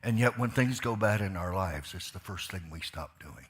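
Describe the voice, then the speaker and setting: A man preaching a sermon as a pastor in a church, swinging from quiet asides to loud, fired-up preaching and putting repeated questions to his listeners. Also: low voice, expressive, moderate pace, a little hiss or hum. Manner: asks the crowd questions, repeats lines for emphasis. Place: church sanctuary.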